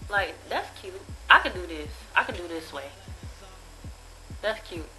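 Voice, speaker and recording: A young woman talks through a haul of jewelry at her own loose pace. She is blunt and profane and keeps gushing over each piece. Clear music plays behind her voice. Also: on the low side, expressive, measured pace, sharp tone, rough recording. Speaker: vlogger reviewing a jewelry haul. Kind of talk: casual haul review.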